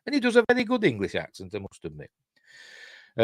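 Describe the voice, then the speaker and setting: A man's voice: mid-range voice, wildly swooping pitch, fast, long pauses, no room sound, clean studio sound. An older man with a Yorkshire accent hosting a live-stream news show, reading entertainment stories aloud with chatty, rambling asides and self-mocking jokes.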